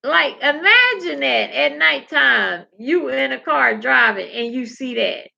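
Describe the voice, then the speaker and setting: Slow, gravelly woman in casual chat. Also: sits high, expressive, bright, forceful tone. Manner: candid and salty, tells stories with profanity; chatty, addresses viewers directly. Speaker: livestream host reading viewer comments. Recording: dull lo-fi recording.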